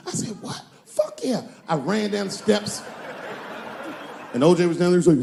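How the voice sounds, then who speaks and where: A man performing a stand-up comedy set, telling stories with animated delivery and acting out other people's voices. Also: fairly high pitch, a little fast, vocal fry. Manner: animated storytelling, acts out characters' voices.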